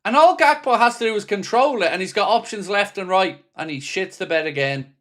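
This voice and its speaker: A man hosts a live football watchalong for fans, commentating on the match with frustration, swearing freely and reading out viewers' chat messages. His high-pitched voice is animated and fairly bright, moving a little fast.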